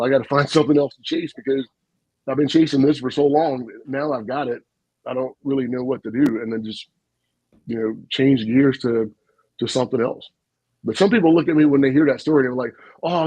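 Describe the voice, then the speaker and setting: A man, a retired army officer, telling stories in an animated, folksy way on a casual podcast. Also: medium pitch, slightly rough, dry recording, lo-fi sound. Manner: animated, folksy storyteller with frequent asides and laughs.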